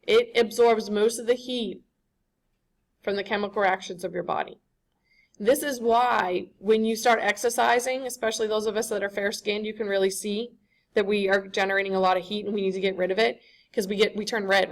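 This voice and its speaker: A woman's voice: mid-range voice, fairly even intonation, a little fast. A woman giving a classroom lecture, conversational and often checking in with the students.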